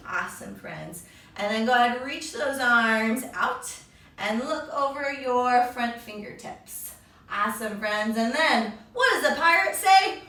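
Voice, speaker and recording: Upbeat high-voiced woman in an echoey room. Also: expressive, a little slow, sharp tone, distant mic. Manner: upbeat, encouraging, talks to kids as friends. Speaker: kids yoga instructor. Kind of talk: guided yoga for children.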